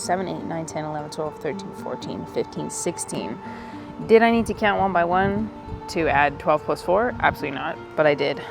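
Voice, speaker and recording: A woman's voice: low-pitched, vocal fry. A woman chatting casually in her own gardening vlog, giggly and easily moved, laughing often. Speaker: gardening vlogger. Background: music.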